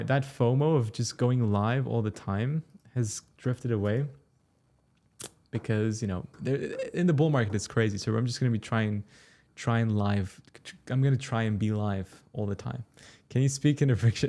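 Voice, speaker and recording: A young man from Turkey hosting a casual crypto livestream, reading chat questions aloud and answering them in a relaxed, chatty way. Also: mid-range voice, normal speed. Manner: relaxed, chatty, explains step by step.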